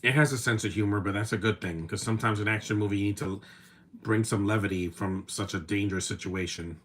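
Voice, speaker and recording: A man's voice: on the low side, fairly even intonation, quick pace, a bit bright, slight background noise. A man in his thirties giving casual, opinionated live commentary while watching a movie, rambling with restarts and fillers.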